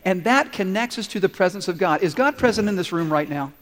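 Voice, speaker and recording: A man's voice: sits high, lively intonation, fairly quick, a bit bright. A man pastor preaching a sermon in a large church, earnest and conversational, putting questions to the congregation. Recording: long hall reverb.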